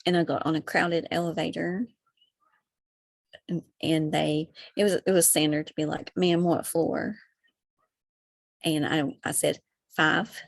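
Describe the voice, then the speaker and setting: A woman's voice: deep voice, flat delivery, moderate pace, gravelly, no room sound. A woman from Kentucky with a Kentucky accent, a podcast guest chatting casually, full of "you know" and "like". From Kentucky, USA. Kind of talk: casual conversation.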